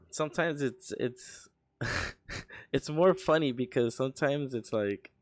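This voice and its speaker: A man's voice: medium pitch, slow, no room sound, studio quality. A young man streaming while he works on an animation, chatting casually, rambling, laughing and swearing as he tells stories.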